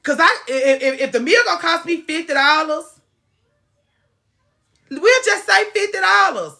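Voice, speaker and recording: Woman, podcast host, bright tone, emphatic and profane, casual rant. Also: extremely high pitch, moderate pace, gravelly. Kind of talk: casual chat.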